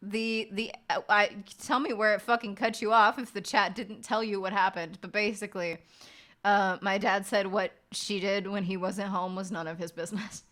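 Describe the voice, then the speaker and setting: A woman streamer spins a family tale in a loose, chatty way. She is dramatic and swears freely, and her voice sits at an ordinary middle pitch. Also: moderate pace. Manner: dramatic, profane, animated storyteller. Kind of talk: casual storytelling chat.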